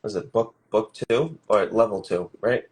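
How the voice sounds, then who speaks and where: A man's voice: fairly low pitch, a little slow. A man co-hosting a building livestream, chatting in a laid-back, jokey and agreeable way. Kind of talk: casual chat while building.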